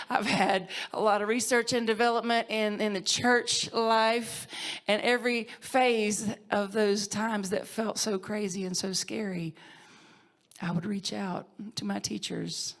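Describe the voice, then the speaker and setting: A woman's voice: mid-range voice, fairly even intonation, slow pace, fairly bright tone. A woman minister giving an emotional award tribute, heartfelt and tearful, laughing at times and sometimes dropping to a whisper. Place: conference hall stage.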